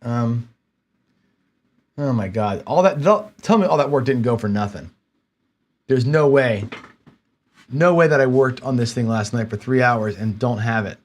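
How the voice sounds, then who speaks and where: Male live-stream host, mid-pitched, casual, muttering and exasperated at his desk. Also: unhurried, long pauses. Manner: frustrated, muttering to himself while searching. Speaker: livestream host.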